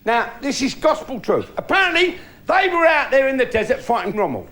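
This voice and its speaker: A middle-aged stand-up comedian performs a bawdy routine on a theatre stage before a live audience, telling cheeky stories that build to punchlines. His voice is very high, with big pitch swings and a fairly quick pace. The live recording is noisy, with a crowd laughing loudly.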